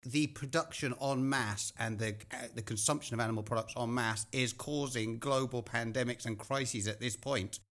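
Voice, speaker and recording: A man hosting a podcast, speaking in a measured way and asking reflective questions in casual conversation. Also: medium pitch, steady tone, fairly bright tone. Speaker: podcast host.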